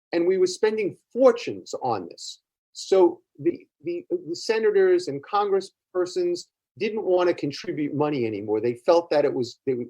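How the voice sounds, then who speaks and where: A man's voice: fairly high pitch, darkish tone. Older Brooklyn man telling stories. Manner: rambling, many fillers and restarts. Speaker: guest, psychotherapist. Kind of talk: conversational storytelling.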